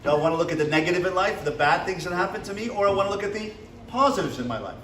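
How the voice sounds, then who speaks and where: Very fast and animated, with a high-pitched, somewhat bright voice, a rabbi motivates a class in a seminary classroom by asking questions and acting out little dialogues. The clip comes from a distance in an echoey room, with slight background noise.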